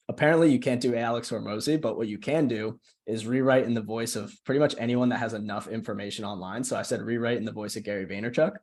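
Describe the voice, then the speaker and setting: A young man casually walking a group call through a screen-share tutorial, often checking in with "right?". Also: mid-range voice. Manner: casual, chatty, keeps asking "right?". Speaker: social media coach.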